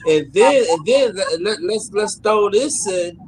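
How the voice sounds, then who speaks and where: A man's voice: high-pitched, animated, measured pace, slight background noise, rough recording. A man with a New York accent in casual panel talk. He speaks emphatically and often repeats words as he builds a point. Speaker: panel guest on a talk stream.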